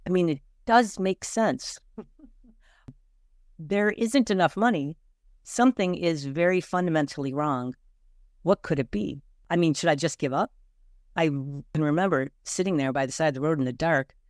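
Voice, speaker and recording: A middle-aged woman hosting a podcast, telling a personal story in an earnest, animated way, often checking in with "right?". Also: low-pitched, no echo, clean studio sound. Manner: earnest and animated, frequent "right?" and quoted self-talk. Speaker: podcast host.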